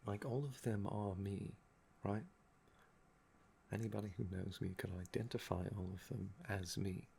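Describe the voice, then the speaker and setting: A young man with a gravelly, fry-laden voice, talking in a soft-spoken ASMR chat that meanders and trails off. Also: fairly low pitch, steady tone, normal speed, a little hiss or hum. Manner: meandering and musing, often trailing off with "um". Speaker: ASMR channel host.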